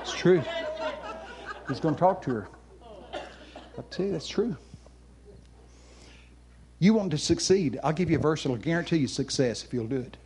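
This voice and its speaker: Folksy older preacher. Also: male voice, fairly high pitch, moderate pace, long pauses, some chatter behind, a little hiss or hum. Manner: folksy, animated storyteller who then talks softly and personally to listeners. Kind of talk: folksy sermon storytelling.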